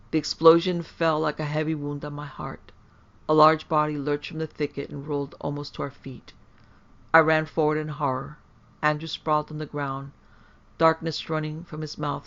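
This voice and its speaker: A man reading a horror story aloud in a measured, grave way. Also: on the high side, creaky, a bit bright. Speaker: narrator. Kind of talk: scripted horror story narration. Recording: dull lo-fi.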